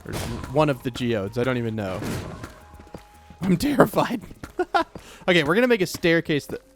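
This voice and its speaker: A young man casually commenting on his own gameplay in a chatty, joking way, quick to get startled and to repeat himself. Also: medium pitch, big pitch swings, slight background noise. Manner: chatty, jokey, easily startled, repeats phrases. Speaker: let's play gamer.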